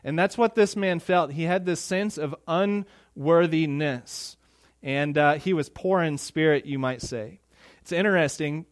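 A male pastor preaching a conversational sermon, who gets louder and more forceful when he voices the people he quotes. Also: mid-range voice.

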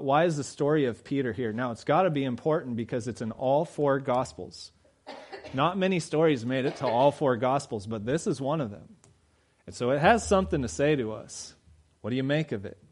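A man preaching a sermon in a conversational way, with quick laughs and loud emphatic peaks. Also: medium pitch. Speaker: pastor.

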